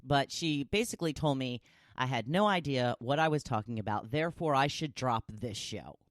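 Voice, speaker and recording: A middle-aged woman hosting her own podcast, talking casually and chattily, with big leaps up in pitch. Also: expressive, moderate pace, no room sound, studio quality. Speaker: podcast host. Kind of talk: casual solo podcast talk.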